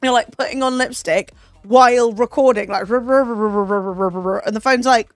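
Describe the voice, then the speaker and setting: A woman's voice: fairly high pitch, takes it slowly, dry recording. Chatty young Southern English woman. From England. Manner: chatty and rambling, lots of "like" and swearing. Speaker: streamer. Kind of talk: casual chat. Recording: dry close mic, faint music.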